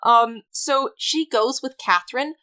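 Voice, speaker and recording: A woman's voice: a little high, unhurried, sharp tone. A young woman co-hosting a podcast, casually recapping a film and acting out characters' lines as she goes. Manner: chatty, acts out lines in quoted voices. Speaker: podcast co-host.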